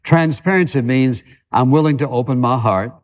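A male pastor giving a sermon in a church, talking conversationally and piling up repeated phrases for emphasis, slowing down on key words and speeding through the runs between them. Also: mid-range voice. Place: church sanctuary. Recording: long hall reverb.

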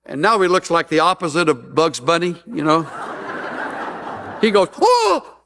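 A man's voice: a little high, normal speed, background noise. A man preaching a sermon as a pastor, mixing humorous stories with earnest appeals.

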